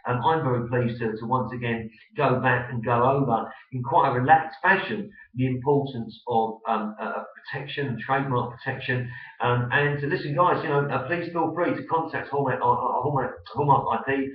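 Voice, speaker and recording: A man's voice: medium pitch, normal speed. Essex-accented male host, rambling and friendly-casual, off-mic in a roomy space, muffled audio. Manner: chatty, rambling with many fillers. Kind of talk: business web show interview. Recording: echoey, distant, dull web-video sound.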